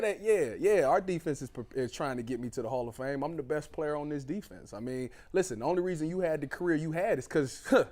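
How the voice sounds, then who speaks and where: A man's voice: on the high side, darkish tone, natural voice. A man playing a brash, boastful male football star who talks in loose slang.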